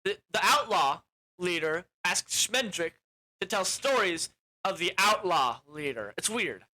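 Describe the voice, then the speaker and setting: A reviewer rambles through a plot summary, stumbling and correcting themselves as they go and swearing offhandedly. The voice is bright and clear at a middle pitch. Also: animated, unhurried, rough recording. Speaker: film reviewer. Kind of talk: casual plot recap.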